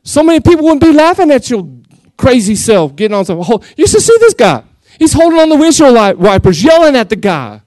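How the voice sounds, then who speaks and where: High-voiced Texan pastor preaching. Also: male voice, brisk, no echo. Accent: West Texas. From West Texas. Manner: animated, jokey, laughs often, acts out quotes. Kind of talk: lively sermon.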